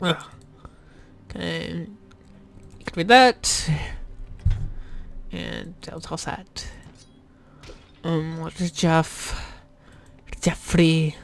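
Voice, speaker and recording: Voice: medium pitch, fairly even intonation, drawn-out words, gravelly, long pauses. A YouTuber giving casual let's play commentary, rambling and self-deprecating, with plenty of swearing and restarts. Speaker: YouTuber playing a game.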